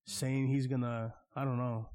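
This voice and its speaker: A man's voice: mid-range voice, level tone, unhurried, darkish tone. A man co-hosting a casual podcast, speaking in a laid-back, slangy way. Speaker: podcast co-host. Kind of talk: casual chat.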